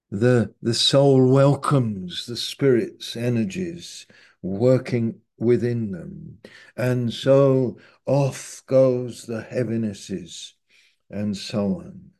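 Slow, mellow-voiced male preacher. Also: medium pitch. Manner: unhurried, reflective preaching with scripture readings. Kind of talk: sermon.

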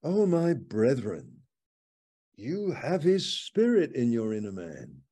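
A man's voice: medium pitch, wildly swooping pitch, takes it slowly, mellow. An older man giving an informal, conversational sermon from the upstairs lounge of a home, reading scripture aloud as he reflects. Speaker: preacher.

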